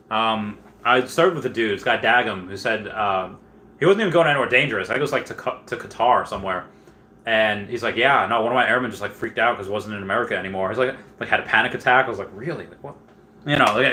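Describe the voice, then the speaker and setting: A man hosting a casual livestream who rambles on, reads viewer comments aloud and breaks into loud, excited bursts. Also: medium pitch. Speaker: livestream host.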